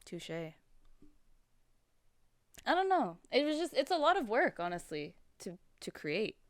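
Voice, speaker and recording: Female podcast guest from Canada, modest and laughing, with a lively dry voice. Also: fairly high pitch, measured pace, no room sound. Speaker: marketing company head, podcast guest. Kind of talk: casual podcast chat.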